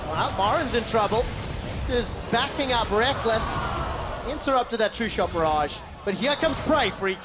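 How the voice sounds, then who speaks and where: A man with a very high voice rattles off live esports play-by-play on a studio headset, quick with wry, self-deprecating asides. Loud game music runs underneath. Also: animated. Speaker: esports caster. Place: broadcast studio.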